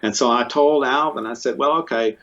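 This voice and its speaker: A man being interviewed, telling a long story in a casual, rambling way with many restarts, fillers and bursts of excitement. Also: medium pitch, a little fast. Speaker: interview guest, musician. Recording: muffled lo-fi audio.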